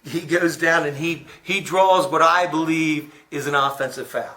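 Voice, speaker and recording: A man interviewing a coach, chatting casually and telling rambling stories with halting restarts. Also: on the high side, steady tone, pushed and bright. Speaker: interviewer and comedian. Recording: echoey room.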